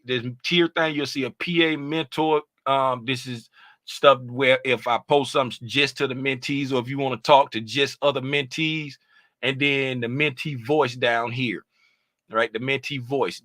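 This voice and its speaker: A man's voice: medium pitch, pushed and bright, no echo. A man hosting a casual livestream as a trading mentor, explaining things in a laid-back, rambling way with lots of "you know what I'm saying.".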